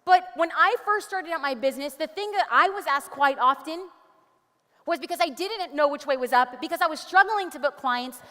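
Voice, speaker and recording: A woman giving an energetic conference presentation on stage, upbeat and animated, with quick jokey asides. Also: high-pitched. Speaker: conference speaker. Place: large conference hall. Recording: long hall reverb.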